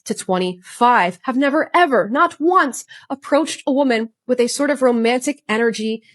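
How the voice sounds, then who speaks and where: A woman's voice: on the high side, lively intonation, normal speed, dry recording. A woman hosting reaction commentary, reading posts aloud in a conversational way. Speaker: host.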